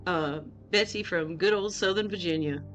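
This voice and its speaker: A chatty woman streamer who reacts to her viewers and jokes while playing. Her voice sits a little low, with faint music under it. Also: moderate pace, fairly bright tone. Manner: chatty, joking, reacting to chat. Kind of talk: casual game commentary.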